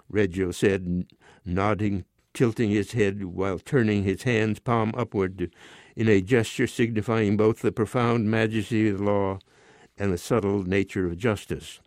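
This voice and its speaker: A man in his nineties reading his own short story aloud in a measured, unhurried way. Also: fairly low pitch, steady tone, darkish tone, dry recording. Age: 90s.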